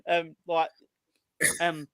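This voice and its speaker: A man's voice: a little high, completely flat delivery, extremely slow, smooth. A man co-hosting a football chat, amused and wry, with casual swearing. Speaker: co-host.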